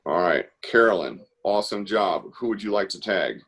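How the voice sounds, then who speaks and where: A man's voice: sits low, lively intonation, normal speed, a bit bright, breathy edge. A man hosting an online art class on a video call, chatty and encouraging as he guides kids. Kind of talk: casual live-stream instruction.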